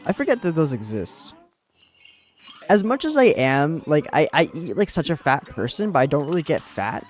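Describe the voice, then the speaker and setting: A man's voice: on the high side, sing-song, normal speed, soft background music. A young American man streaming a game, chatting casually and rambling with lots of fillers and restarts. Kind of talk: casual chat while gaming.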